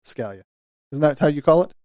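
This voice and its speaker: Co-hosting a casual podcast, this man talks in a loose, chatty way packed with fillers. His voice sits fairly high with a darkish tone, and his delivery is expressive and fairly quick. The audio is studio quality with no room sound.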